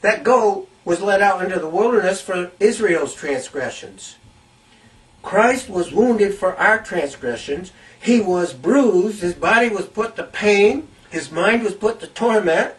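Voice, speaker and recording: A man's voice: sits high, lively intonation, unhurried, far from the mic, rough recording. A man preaching a Bible teaching sermon, reading scripture aloud and repeating key phrases to stress them.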